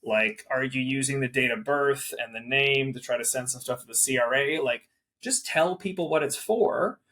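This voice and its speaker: A man appears as a guest in a casual interview, speaking as a property manager in a medium-pitched voice. He is animated, talking in rapid bursts and peppering his speech with "like."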